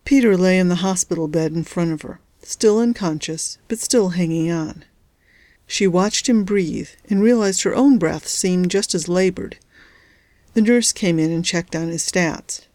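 A woman reads a novel aloud in a steady, measured way. Her voice is on the low side. The recording is dry and close, with no room sound. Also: no echo. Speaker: audiobook narrator. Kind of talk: scripted narration.

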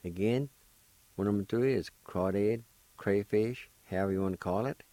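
A man with a low, warm voice teaches a language lesson on the radio, speaking very slowly and deliberately. He spells each word out one letter at a time with long pauses, then encourages listeners to practice. The sound is dry and close. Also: dry recording. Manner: slow, patient, spells words letter by letter.

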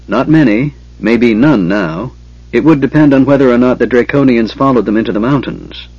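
A man's voice: mid-range voice, normal speed, darkish tone, slightly rough, no room sound, highs cut off. A man doing a stern bitter warrior. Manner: terse, cold.

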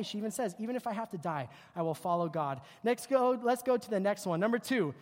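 A youth pastor giving a joking, animated sermon to a group of kids, working through slides and poking fun at teen habits. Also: mid-range voice. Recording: long hall reverb.

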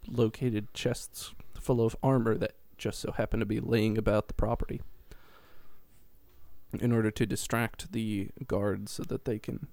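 Gravelly man casually recapping a game. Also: on the low side, level tone, unhurried, darkish tone, dry recording. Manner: rambling, chuckling plot recap with mock voices. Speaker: podcast co-host recapping a game. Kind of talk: casual chat.

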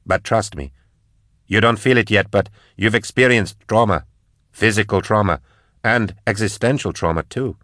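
A man doing a dry, steady woman pilot. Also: on the low side, normal speed, no room sound, natural voice. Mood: earnest.

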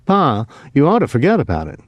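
A man's voice: mid-range voice, huge pitch swings, a little fast, no echo, muffled recording, voice pushed up. A male reader voicing an earnest, uneasy grown son in an audiobook, talking in a pressing way. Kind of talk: audiobook character reading.

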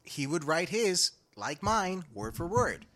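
A young man telling a story in casual chat with friends, animated, laughing often and swearing freely. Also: on the high side, slow.

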